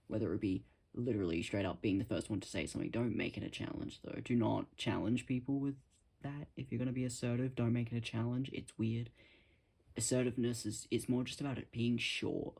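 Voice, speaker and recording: A man talking casually to his camera at home, rambling and self-deprecating, in a musing, soft-spoken way. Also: medium pitch, gravelly, slightly rough. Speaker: vlogger.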